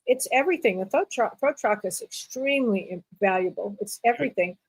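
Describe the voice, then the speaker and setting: A woman's voice: mid-range voice, expressive, fast, husky, rough recording. A woman co-hosting a spiritual talk show, speaking earnestly and with emphasis. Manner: earnest, emphatic, with short affirmations. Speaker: co-host, medium. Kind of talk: casual chat.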